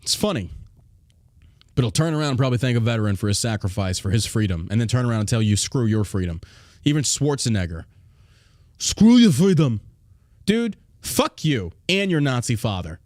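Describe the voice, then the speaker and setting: A man's voice: mid-range voice, very animated, fast, dry recording, studio quality. A man hosting a podcast, ranting in a profane, mocking and heated way. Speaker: podcast host. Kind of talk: ranting political podcast commentary.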